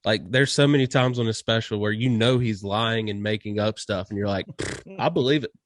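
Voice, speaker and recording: A man hosting a comedy podcast, chatting casually and eagerly, quick to agree and laugh along. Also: on the low side, fairly even intonation, no echo, studio quality. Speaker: podcast host.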